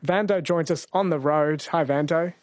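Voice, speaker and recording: A man's voice: on the high side, darkish tone, dry recording. A man hosting a radio quiz and chatting with callers. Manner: friendly, brisk, laughs easily. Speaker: radio host.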